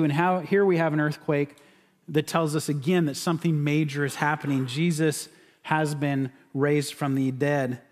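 Conversational pastor in a reverberant sanctuary. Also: male voice, a little high. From California. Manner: conversational, with frequent restarts and repeated words. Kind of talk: sermon. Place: church sanctuary. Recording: church sanctuary with long reverb.

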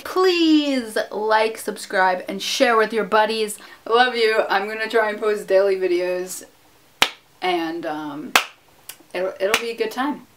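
A woman's voice: mid-range voice, takes it slowly. A young woman vlogger ranting to camera, exasperated, sarcastic and profane. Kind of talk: casual rant to camera. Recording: distant mic with faint noise.

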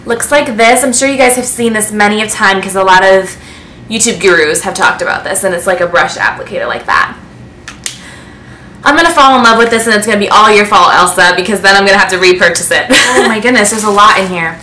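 Bright-voiced, gushing woman. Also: mid-range voice, fairly quick, slight background noise. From United States. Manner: gushing, excitable, breathless with delight. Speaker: beauty vlogger. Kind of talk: casual unboxing chat to camera. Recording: echoey room.

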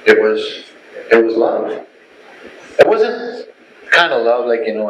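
A middle-aged man tells his personal testimony as an animated storyteller who acts out the voices. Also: medium pitch, slow pace, pauses often, muffled recording, slight background noise. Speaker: testimony speaker. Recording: echoey room, faint ambience.

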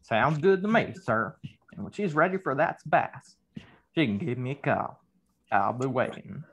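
A man playing a folksy, eager-to-please small-town guy who talks in a slow drawl and keeps calling people sir. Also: mid-range voice, animated, fairly bright tone, breathy edge, heavily acted. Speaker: character in a comedy web series. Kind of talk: scripted comedy sketch on a conference call.

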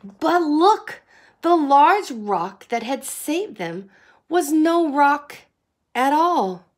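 A woman reading a picture book aloud to children in an expressive, sing-song way, like a teacher. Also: high-pitched, extremely slow. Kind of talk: storybook read-aloud.

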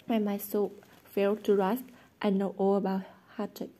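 A woman's voice: mid-range voice, level tone, a little slow, dark tone, close to an everyday voice. A woman voicing a good-natured but easily exasperated teenage boy in a storybook reading, teasing and indignant.

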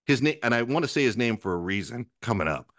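Talking fast in a mid-range voice, this man is a podcast guest caught on a dry, clean studio recording. His anecdote wanders and is full of profanity, and he keeps cutting himself off while playing out the other characters' dialogue with lots of energy.

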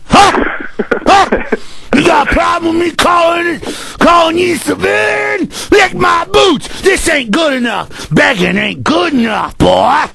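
A sadistic bully cop who snarls his threats in a high, gravelly, strained shout, as a radio host puts him on. His voice cracks upward as he taunts, with mocking laughter between his threats. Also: expressive, measured pace, exaggerated voice. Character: brutal power-hungry male cop, ex-soldier bully. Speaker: radio host doing an impression.

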